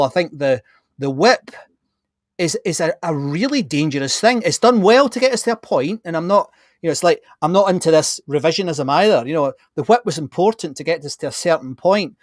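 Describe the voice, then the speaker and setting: Man, podcast host, blunt and lively, slightly high voice, dry close mic. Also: fairly quick, dry recording. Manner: animated, blunt, many restarts. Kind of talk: casual conversation.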